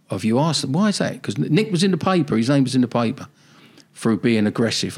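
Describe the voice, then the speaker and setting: A man's voice: mid-range voice, a little mellow, breathy edge. An older man with a South London accent, telling his story bluntly and animatedly in a podcast interview. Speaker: football manager guest.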